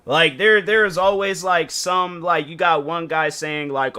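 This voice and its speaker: Guy streamer ranting, kinda high bright voice, lots of "like" and restarts, can't believe it. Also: unhurried, hardly any pauses, smooth. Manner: rambling, incredulous, many fillers and restarts. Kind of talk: casual reaction stream commentary.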